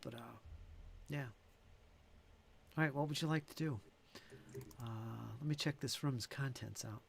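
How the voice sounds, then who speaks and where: A man's voice: mid-range voice, unhurried, creaky, a little hiss or hum. A man running a tabletop game as game master, thinking aloud with fillers and restarts.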